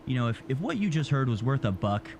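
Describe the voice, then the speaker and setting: A man co-hosting, talking in a relaxed, somewhat halting way at an ordinary pitch. A steady hiss sits under his voice. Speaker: co-host. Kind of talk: casual on-air talk.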